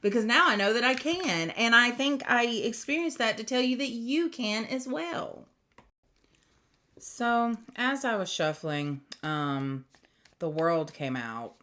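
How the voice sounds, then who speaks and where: Woman tarot reader, casual spiritual chat, drawn-out pace, meandering and laughing. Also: mid-range voice, fairly bright tone. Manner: rambling, chatty, laughs often.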